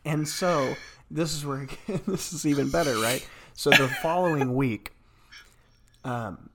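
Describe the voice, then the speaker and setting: A man's voice: a little high, takes it slowly, heavy background noise. A man from Arkansas, co-hosting a podcast and telling rambling stories that he laughs through. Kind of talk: casual storytelling chat.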